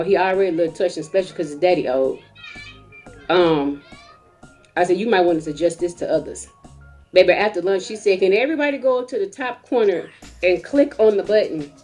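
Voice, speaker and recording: A woman, a mother, telling a comic story in a casual rant, animated and acting out other people's voices. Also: on the high side.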